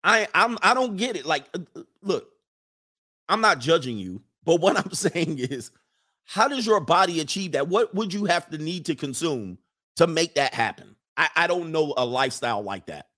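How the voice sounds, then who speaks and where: A man's voice: fairly high pitch, expressive, normal speed, sharp tone. A man hosting a casual livestream, reading viewer comments and rambling through blunt opinions with frequent laughs.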